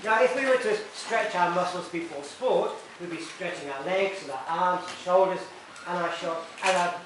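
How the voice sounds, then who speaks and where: A man's voice: high voice, moderate pace. A man presenting a creative-writing workshop to children, playful, acting out scenes with silly voices and sound effects. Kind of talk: lively talk to a young audience. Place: room with a live audience. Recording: echoey room from far off, noisy.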